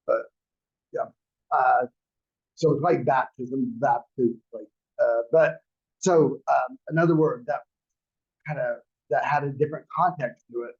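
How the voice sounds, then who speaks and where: A man's voice: medium pitch, gravelly, darkish tone, lo-fi sound. A man teaching a classroom lecture in a conversational, rambling way with many restarts. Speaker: real estate class instructor.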